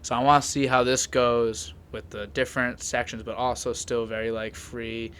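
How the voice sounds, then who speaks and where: A man's voice: mid-range voice, level tone, normal speed, a bit bright, clean tone. Young guy hosting a laid-back podcast; loose, rambling delivery full of filler words, mid-range voice. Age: young adult. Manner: rambling, filler-heavy with frequent "like". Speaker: podcast host. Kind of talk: casual chat.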